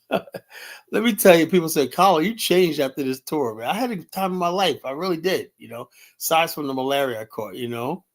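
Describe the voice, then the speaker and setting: A man hosting a loose, rambling livestream. He swears freely and fills his talk with "you know" and "man." His voice sits at an ordinary middle pitch. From United States. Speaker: livestream host.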